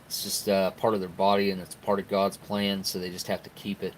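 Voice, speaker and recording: A middle-aged man with a southern Ohio Appalachian accent and a fairly low voice chats loosely on a home live stream. He rambles in a folksy way, chuckling as he reads viewer comments aloud. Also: little pitch movement, a little fast, slight background noise, low-quality recording. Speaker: live-stream host reviewing military rations. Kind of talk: casual live-stream chat.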